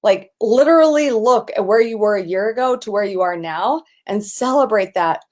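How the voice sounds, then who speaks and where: A middle-aged woman leading a live online coaching session. She sounds energetic and enthusiastic, her voice at an ordinary middle pitch. At times she bursts into excited shouts. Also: moderate pace. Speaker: business coach.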